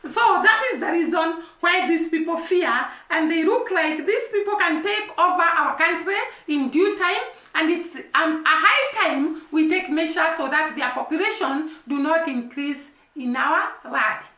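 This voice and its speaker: A woman's voice: very high voice, unhurried, hardly any pauses, sharp tone. A woman giving casual commentary as a vlogger, earnest and repeating words for emphasis. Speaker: vlogger commenting on news and gossip. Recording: roomy echo.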